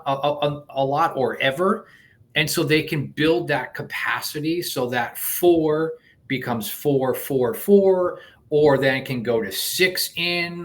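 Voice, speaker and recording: A man being interviewed as a coach, explaining a technique step by step in an animated way, with frequent restarts. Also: medium pitch. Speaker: guest coach. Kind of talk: conversational interview.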